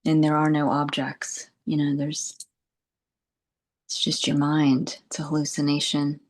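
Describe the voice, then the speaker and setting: Woman spiritual teacher, low voice, unhurried, meandering meditative talk with soft laughs. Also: completely flat delivery. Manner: soft, unhurried and meandering, with frequent "you know" and "like" and gentle laughs.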